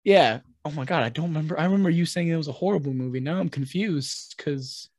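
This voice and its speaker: A man co-hosting a podcast in casual chat, excitable and swearing often, acting out quotes in big voices. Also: on the high side, quick pace, no room sound. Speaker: podcast co-host.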